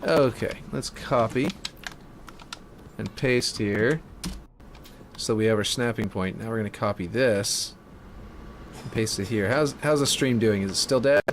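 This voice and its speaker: A man's voice: on the low side, unhurried, long pauses, a little hiss or hum. A man streaming a game map build live, chatting casually and thinking aloud in a self-mocking way.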